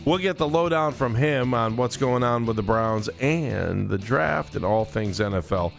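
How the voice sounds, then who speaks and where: A man's voice: medium pitch, animated, measured pace, gravelly, soft background music. A man hosting a sports radio show in a studio, chatty and jokey, rambling through his lines and slipping into a big announcer voice. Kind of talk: casual sports radio chat. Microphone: studio microphone.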